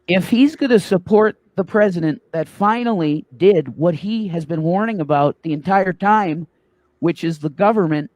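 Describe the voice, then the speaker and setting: A man's voice: high voice, darkish tone, dry recording. Emphatic male livestream host. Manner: emphatic, preachy, rising to a raised voice. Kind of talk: casual political chat. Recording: dry close sound.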